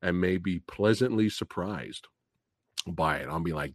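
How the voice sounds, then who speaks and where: A man hosting a live stream, reacting to movie trailers in a profane, animated way, laughing and booing. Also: deep voice, normal speed, no echo, studio quality.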